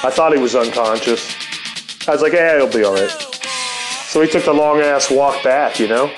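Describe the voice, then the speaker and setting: Over music and on a rough recording, a middle-aged storyteller spins a casual, meandering anecdote full of swearing and frequent laughter. His voice sits at medium pitch and moves at normal speed.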